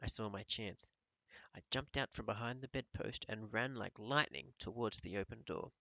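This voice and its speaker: A male teacher reading a novel aloud to his pupils in a calm storytelling voice. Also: lowish voice, normal speed, vocal fry, no echo, poor audio.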